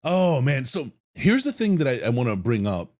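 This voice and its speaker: A man's voice: medium pitch, very animated, normal speed, a little mellow. A man hosting a casual sports podcast, playful and upbeat, joking and laughing with his co-host.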